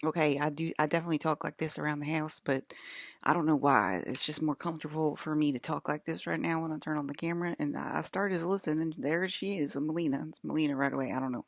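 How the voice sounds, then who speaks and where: A woman's voice: deep voice, steady tone, fast, creaky, dry recording, clean studio sound. A woman vlogging to her camera in a loose, rambling monologue, laughing often and swearing freely.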